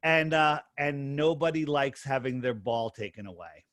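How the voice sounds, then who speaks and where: A man's voice: mid-range voice, a bit bright, no room sound, studio quality. A middle-aged man from the United States, a podcast guest telling his story in a casual, emphatic way. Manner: emphatic, storytelling, quick bursts. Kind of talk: casual interview talk.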